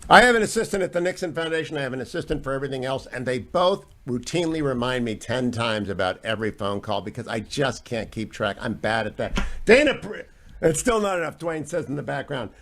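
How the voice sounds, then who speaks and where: A man's voice: medium pitch, lively intonation, fairly quick, fairly bright tone. A man hosting a radio talk show, interviewing a guest in an enthusiastic, praising way.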